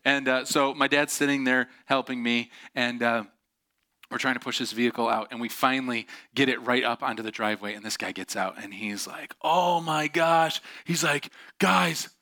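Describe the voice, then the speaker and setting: A man delivering a sermon as a lively personal story. His voice is bright and forceful at a middle pitch, and he laughs often. He jumps into high, excited voices for the people he quotes. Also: brisk.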